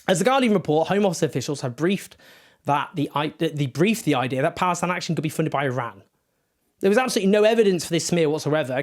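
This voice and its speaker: A man giving impassioned, indignant political commentary with sarcastic asides. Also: fairly high pitch.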